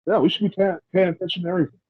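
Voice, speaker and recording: A man hosting a podcast, chatting casually in a rambling, halting way with many restarts. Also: high voice, little pitch movement, no echo, dull audio. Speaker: podcast host. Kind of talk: casual opinionated chat.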